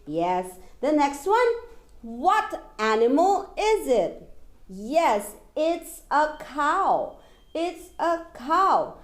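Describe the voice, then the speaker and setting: A woman with a Taiwanese accent leads a lesson for young children in a high, bright voice, drawing each word out slowly. She mimics animal noises and breaks into song in a sing-song way. Her voice carries the echo of a roomy space. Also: very animated. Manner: slow, exaggerated, drawn-out speech with animal sounds and singing. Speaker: children's English teacher.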